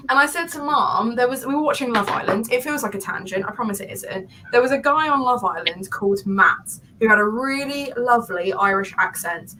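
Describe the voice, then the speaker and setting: A woman from the UK hosts a casual online book club chat. Her voice is bright and crisp, and she tells stories fast and animatedly. A faint noise sits underneath. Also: a little high, lively intonation, poor audio.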